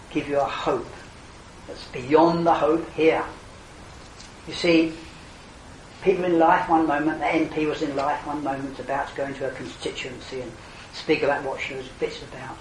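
An older man delivers an evangelistic sermon with a slightly high voice. He is earnest, surging into emphatic exclamations and then sinking back to quiet tones. The recording is roomy and distant, with a faint ambient hiss behind him. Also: steady tone, normal speed. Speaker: preacher.

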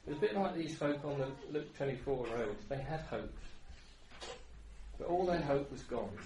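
A middle-aged preacher delivers an earnest sermon, dropping to a hushed storytelling voice before rising into loud, fervent calls to his listeners. He is recorded from a distance in a roomy, echoing space, with steady noise underneath. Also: mid-range voice, normal speed. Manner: earnest, swings from quiet storytelling to loud exhortation. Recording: echoey room, heard from a distance, background noise.

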